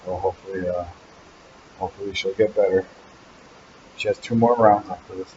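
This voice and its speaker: Male host, lowish dark voice, teasing rambling live chat, muffled webcam audio. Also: steady tone, a little fast, background noise. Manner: teasing, rambling, joking about a helper. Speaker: channel host. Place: animal hospital waiting area.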